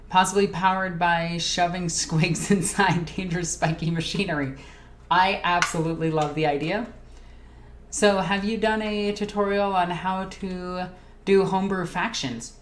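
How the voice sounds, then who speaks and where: A woman hosting a casual live Q&A stream. She reads viewer comments aloud and chats excitedly, jumping from topic to topic. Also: fairly low pitch. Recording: echoey room with faint ambient noise.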